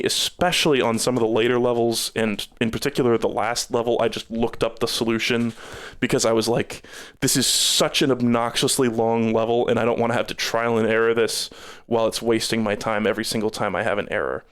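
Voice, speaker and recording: A man's voice: medium pitch, clear, resonant tone. A man streaming live, giving rambling casual game reviews with many fillers, tired and starting to lose his voice.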